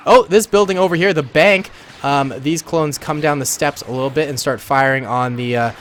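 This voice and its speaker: A man's voice: on the high side, moderate pace, fairly bright tone, slight background noise. Chatty man commentating a battle game. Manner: laid-back, enthusiastic, chatty with many ums. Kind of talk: casual battle simulator commentary.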